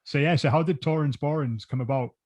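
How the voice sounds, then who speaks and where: A man's voice: a little high, brisk, a little mellow, lo-fi sound. British man, podcast host, casual interview, rambling, restarts questions.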